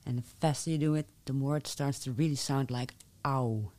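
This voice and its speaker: A woman's voice: a bass voice, steady tone, fast talker, dark tone. A woman, a language teacher hosting an interview and explaining pronunciation patiently. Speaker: Dutch language teacher and host.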